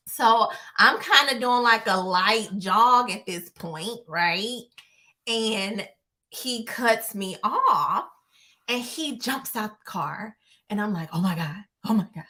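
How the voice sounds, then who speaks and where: A woman vlogger telling a personal story to her viewers in a casual, animated way, acting out what others said. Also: on the high side, slow pace. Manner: animated, acts out quotes.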